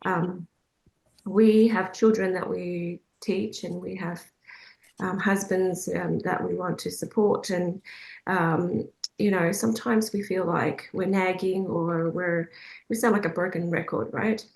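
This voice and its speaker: A woman's voice: on the low side, steady tone, unhurried, vocal fry, darkish tone. A woman leading a faith group meeting, telling a personal story casually with many fillers and frequent laughs. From Australia. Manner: chatty, hesitant with frequent fillers, laughs often. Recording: roomy echoey sound.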